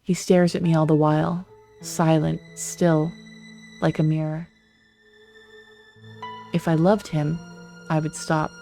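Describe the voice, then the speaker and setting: Flat, gravelly game reader. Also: medium pitch, slow, pauses often, faint music behind. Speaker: let's play streamer. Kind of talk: reading a visual novel aloud with asides.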